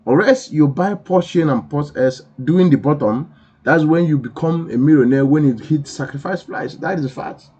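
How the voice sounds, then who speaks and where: A man's voice: a little high, normal speed, mellow, husky. A man hosting a crypto channel, giving emphatic commentary in an insistent, repetitive, preachy way. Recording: dull lo-fi recording.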